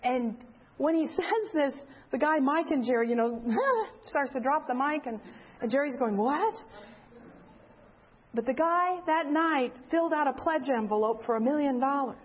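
High-voiced older woman telling a story. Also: normal speed. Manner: animated storyteller acting out quotes. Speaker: speaker. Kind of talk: sermon storytelling. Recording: dull lo-fi sound.

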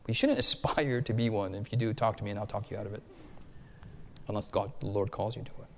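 Guy pastor telling stories in a sermon, lively and chatty, lots of restarts, big echoey church hall. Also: fairly low pitch, quick pace, a little hiss or hum. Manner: animated, conversational, many restarts and asides. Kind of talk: storytelling sermon. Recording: long hall reverb.

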